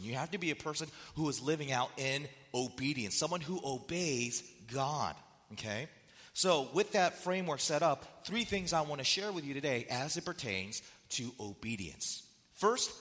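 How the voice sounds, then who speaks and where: A man's voice: mid-range voice, bright, forceful tone. A man preaching a sermon as pastor, conversational and repeating his key phrases. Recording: long hall reverb.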